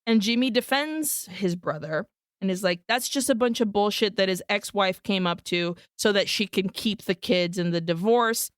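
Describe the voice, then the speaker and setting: Podcast co-host, woman, smooth, dry close-mic sound, casual bilingual plot recap. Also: medium pitch, normal speed, no room sound. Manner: recaps the plot, switching between English and Spanish, swears freely. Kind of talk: casual film-recap chat.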